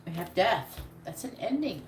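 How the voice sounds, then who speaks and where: Woman, tarot reader, low voice, casual and blunt, echoey room, background noise. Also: sing-song, normal speed. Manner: casual, blunt, swears freely. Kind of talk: live tarot reading stream.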